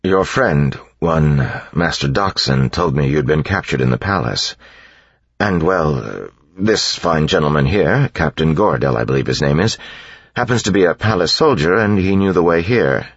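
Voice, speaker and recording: A man's voice: a bass voice, lively intonation, moderate pace, breathy edge, no echo, muffled recording, exaggerated voice. A man doing a flustered young nobleman. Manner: hesitant, fumbling, politely wry. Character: awkward, bookish young nobleman.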